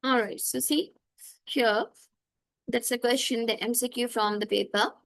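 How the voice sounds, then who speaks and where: A woman's voice: on the high side, steady tone, a little slow, gravelly, fairly bright tone. A woman teacher, leading a live online chemistry class and often checking in with "okay?" and her students' names.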